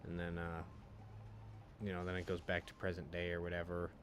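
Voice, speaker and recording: A man's voice: low voice, monotone, a little fast, a little hiss or hum. A man streaming a game, chatting casually with lots of fillers and swearing. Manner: rambling, profane, frequent fillers. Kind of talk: casual chat while streaming.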